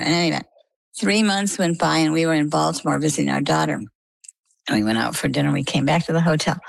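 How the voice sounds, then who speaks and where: Low gravelly older woman telling a story. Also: no room sound, poor audio. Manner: animated anecdotal telling with quoted dialogue. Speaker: interview guest. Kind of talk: conversational storytelling. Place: lives on the coast of Maine.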